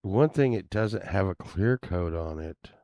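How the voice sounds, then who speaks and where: A man's voice: low voice, expressive, a little slow, mellow, dry recording. A man rambling casually as he browses items online, grumbling and swearing now and then. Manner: meandering, grumbling asides, occasional swearing. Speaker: vlogger.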